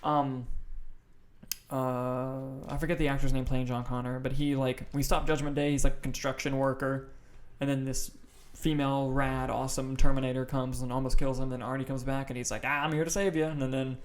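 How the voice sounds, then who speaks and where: A man co-hosts a movie podcast in a mid-range, monotone voice, talking a little fast. The chat is casual and loose, enthusiastic, full of swearing and filler words.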